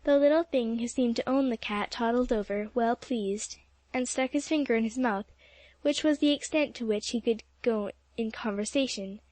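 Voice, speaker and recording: A woman's voice: fairly high pitch, moderate pace, a little mellow, no echo. A woman reading an audiobook aloud as narrator, telling the story steadily. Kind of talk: scripted narration.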